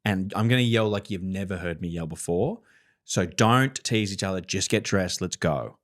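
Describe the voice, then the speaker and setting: Man, lowish voice, casual podcast chat, animated, swears a lot. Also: moderate pace. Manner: animated storyteller, swears freely, acts out dialogue. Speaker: podcast co-host.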